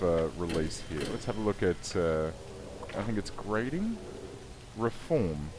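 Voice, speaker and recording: Low-pitched, lively male let's player, wry and chatty, faint background noise. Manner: wry, chatty, self-correcting. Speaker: gaming YouTuber. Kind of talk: let's play commentary.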